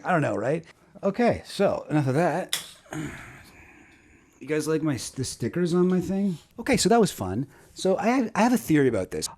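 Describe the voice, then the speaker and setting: A Canadian man talks in a loose, rambling commentary style, amused and wry. His voice swings widely in pitch from one phrase to the next, sitting at an everyday middle pitch. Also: a little mellow. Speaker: YouTube creator. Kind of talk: casual commentary reading jokes aloud.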